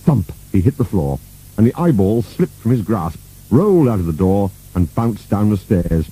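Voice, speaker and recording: Man narrating a storybook, husky and mellow, animated, fairly low. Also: normal speed, poor audio. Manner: expressive, playful reading.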